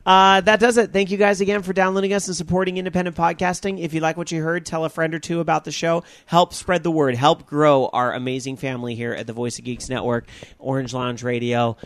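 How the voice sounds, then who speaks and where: A man's voice: a little high, level tone, brisk. A man hosting a podcast, wrapping up the show in a casual, rambling way with many fillers. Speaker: podcast host.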